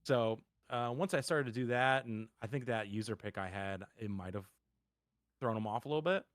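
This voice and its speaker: A man's voice: mid-range voice, moderate pace, dry recording, studio quality. A man giving a casual post-game interview over voice chat, rambling and upbeat with lots of fillers.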